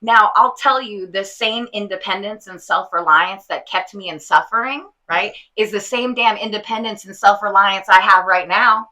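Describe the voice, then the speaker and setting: A woman's voice: medium pitch, moderate pace, few pauses, sharp tone, rough recording. A woman co-hosting a podcast in casual spiritual chat, effusive, laughing often and leaning on "like". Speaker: podcast co-host.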